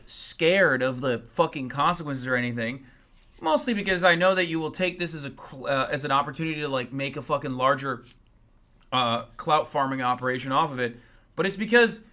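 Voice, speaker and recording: A man's voice: on the high side, bright, forceful tone. A man in his thirties, a streamer, ranting angrily and profanely at critics, mocking them with sarcastic put-on voices. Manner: mocks critics in exaggerated voices. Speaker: political commentator and Twitch streamer. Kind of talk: livestream rant.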